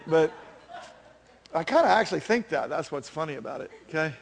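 A man's voice: a little high, animated, a little fast, gravelly. A man in his fifties preaching a sermon in a chatty, self-deprecating way, telling stories with animation. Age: 50s.

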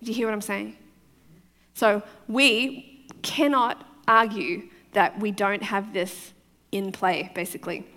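A woman's voice: medium pitch, fairly even intonation, slow pace, sharp tone, in a large hall. A woman pastor with a foreign accent, preaching a conversational sermon and often checking in with her listeners. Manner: chatty, often checks in with the crowd, laughs easily.

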